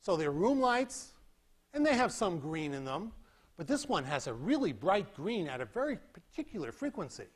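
Guy teaching a physics class in a lecture hall, really expressive, makes beep noises to demo stuff. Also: high-pitched, normal speed, breathy edge. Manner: animated, acts out beeping sounds and demonstrates with props.

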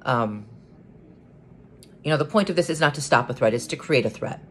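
A man with an ordinary mid-pitched voice delivers a solo vlog monologue. He speaks earnestly but haltingly, repeating words as he restarts his thoughts. His delivery builds into firmer emphasis. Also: lively intonation, a little hiss or hum. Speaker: vlogger.

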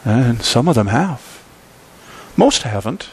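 Animated male pastor preaching. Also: mid-range voice, slow, slightly rough. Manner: animated storytelling with emphatic repeats. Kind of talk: sermon.

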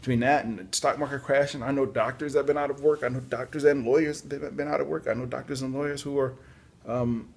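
A man's voice: mid-range voice, steady tone, fast talker, gravelly, breathy edge. A tired man giving casual, chatty job-search advice, yawning at times and adding apologetic asides. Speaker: podcast host on job search. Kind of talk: casual spoken advice talk.

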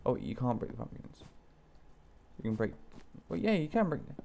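A man's voice: medium pitch, very animated, moderate pace, gravelly, warm tone. A young man from Wales, talking himself through a video game, muttering and swearing casually. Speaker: gaming channel host. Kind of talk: let's play commentary.

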